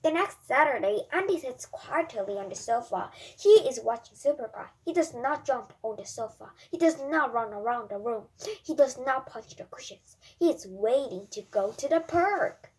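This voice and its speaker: A woman's voice: on the high side, animated, moderate pace, husky. A woman reading a children's storybook aloud carefully, with small slips and restarts. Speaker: storybook reader.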